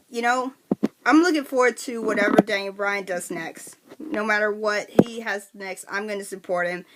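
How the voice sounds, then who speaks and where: A woman giving a chatty, excitable wrestling recap to her viewers, full of restarts and fillers. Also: mid-range voice. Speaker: wrestling vlogger. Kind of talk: casual recap vlog.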